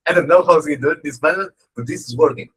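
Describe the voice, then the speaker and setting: Poor audio captures a man with a husky, brisk voice on the high side, giving a humorous, conversational lecture as a dharma teacher. Animated and joking, he tells stories and keeps checking in with "right?".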